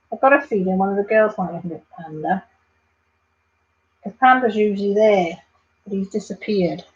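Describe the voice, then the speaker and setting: A woman's voice: on the high side, dull audio. A woman hosting a casual craft livestream, chatting and reading out viewer comments. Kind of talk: casual live chat while crafting.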